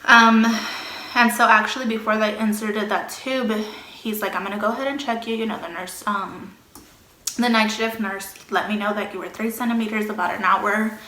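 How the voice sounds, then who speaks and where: A woman's voice: mid-range voice, fairly even intonation, moderate pace, sharp tone. A young woman vlogging and casually telling a personal story. She acts out what people said and sometimes drops to a whisper. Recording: echoey room.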